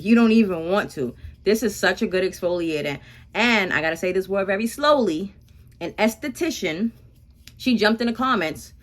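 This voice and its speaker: Chatty woman with a lively, bouncing voice. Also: mid-range voice. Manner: chatty, rambling, animated asides. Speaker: beauty vlogger. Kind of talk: casual chat while waxing.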